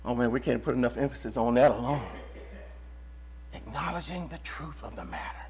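A man preaching a sermon to his church, animated, stopping the reader to repeat and stress phrases. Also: mid-range voice, fairly quick, rough recording.

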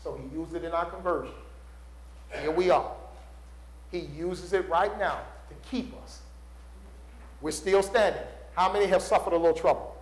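A male preacher delivers a sermon with call-and-response, building loud and dropping low. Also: normal speed, pauses often. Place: church sanctuary. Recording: roomy church echo.

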